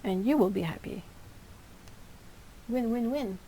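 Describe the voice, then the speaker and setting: A woman's voice: on the high side, unhurried, mellow, a little hiss or hum, poor audio. A woman voicing a smug, contented house cat that claims its human, in a matter-of-fact way.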